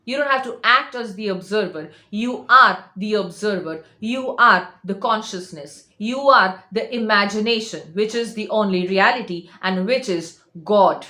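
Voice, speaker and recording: A woman's voice: fairly high pitch, sharp tone. Insistent woman coach, echoey room. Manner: insistent, repeats herself, emphatic. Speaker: manifestation coach. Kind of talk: direct-to-camera motivational talk.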